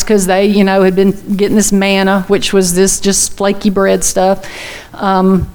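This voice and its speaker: A woman's voice: medium pitch, monotone, unhurried, a little mellow, clean tone. A woman preaching a chatty, folksy sermon full of personal asides. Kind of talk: conversational sermon.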